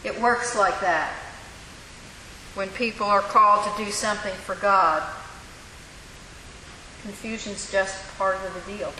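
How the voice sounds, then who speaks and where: A woman preaching a sermon in a church, telling the story with lively, acted-out voices. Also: mid-range voice, unhurried, long pauses. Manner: animated storytelling, acting out voices. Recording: echoey hall with faint hiss.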